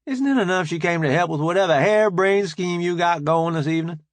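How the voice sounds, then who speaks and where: A man's voice: high-pitched, quick pace, dry recording, voice pushed up, natural voice. A man voicing a sassy, folksy woman who teases her captain with wry, scolding banter. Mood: teasing.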